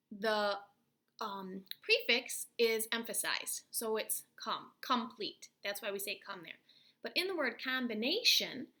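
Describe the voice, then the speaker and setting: A woman's voice: on the high side, bright, forceful tone. A woman teacher giving a recorded phonics and spelling lesson, patiently spelling out letters and sounds. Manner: patient, slow letter-by-letter explaining.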